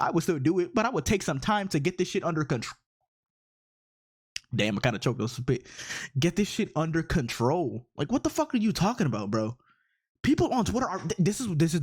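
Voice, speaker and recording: A man's voice: a little high, lively intonation, fast talker. Exasperated man ranting with profanity. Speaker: online commentator. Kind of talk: ranting commentary on social media posts.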